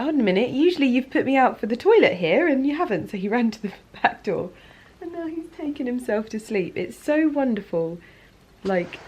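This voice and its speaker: Soft-spoken woman with a gravelly low voice. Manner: soft, confiding, many "like" fillers. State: emotional, near tears. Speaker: lifestyle vlogger. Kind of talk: casual reflective chat. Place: living room sofa at night.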